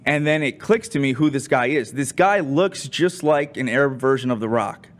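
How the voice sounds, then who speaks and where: A young man on a show's crew telling a rambling story in a casual, animated way, with lots of fillers. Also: medium pitch, moderate pace. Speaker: crew member.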